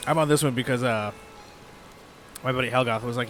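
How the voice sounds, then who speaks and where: A man's voice: medium pitch, steady tone, fairly bright tone. A man streaming a video game, chatting casually with a friend and viewers, with brash, crude jokes. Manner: brash, crude joking, quick. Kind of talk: casual gaming stream chat. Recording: game music behind voice. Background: game music.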